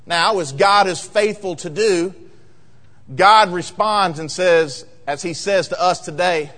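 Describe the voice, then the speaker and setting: A man preaching a sermon as pastor, emphatic and rising to loud peaks in a church sanctuary. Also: high-pitched, slow pace. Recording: long reverb of a large hall.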